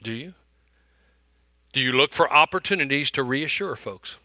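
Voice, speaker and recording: A male pastor preaching a sermon, repeating phrases for emphasis and swinging between loud, emphatic lines and hushed ones. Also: mid-range voice, lively intonation, normal speed, no echo.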